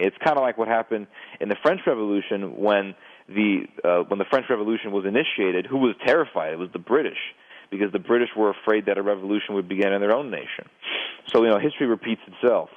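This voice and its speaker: A man's voice: lowish voice, expressive, quick pace. A man giving a lecturing explanation as a guest on a radio show, often stammering and restarting his sentences. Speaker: guest expert on terrorism. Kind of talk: radio phone interview. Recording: tinny phone line.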